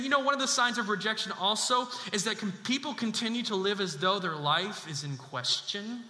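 A man preaching a sermon as pastor, emphatic and animated, repeating key lines for weight. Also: very high voice. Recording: echoey church hall with long reverb.

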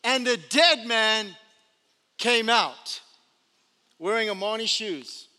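A man preaching a sermon as pastor, telling the story with animated energy and humorous asides. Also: sits high, slow pace. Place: church sanctuary. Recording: long church hall reverb.

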